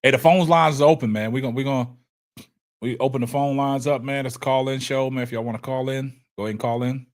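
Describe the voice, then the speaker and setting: A man hosting a laid-back sports call-in livestream, talking in at a middle pitch. He circles back over his own phrases and sounds choked up and a little hoarse. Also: quick pace. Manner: animated, repetitive, reads chat aloud. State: choked up, coughing. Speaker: livestream sports show host. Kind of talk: casual call-in livestream talk.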